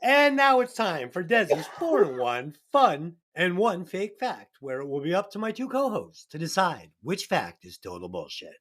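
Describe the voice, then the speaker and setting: A man's voice: high voice, wildly swooping pitch, moderate pace, few pauses, fairly bright tone. A man hosting a casual movie-review podcast, reading out segments in a loose, jokey way and tripping over his own words. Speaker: podcast host.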